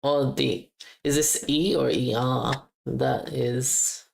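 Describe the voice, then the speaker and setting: A woman with an extremely low, gravelly voice, chatting on a live stream in an unhurried way. She repeats foreign words over and over to get the sound right, breaking off with quick curses and exclamations. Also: fairly even intonation, a little hiss or hum. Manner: repeats German words aloud as she practices pronunciation; blurts out casual exclamations and curses. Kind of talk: casual live-stream chat.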